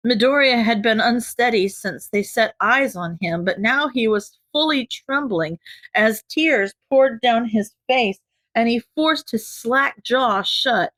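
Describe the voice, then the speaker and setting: Slow, gentle woman reading a story. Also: fairly high pitch, no echo. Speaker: audiobook reader. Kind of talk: fan fiction audiobook narration.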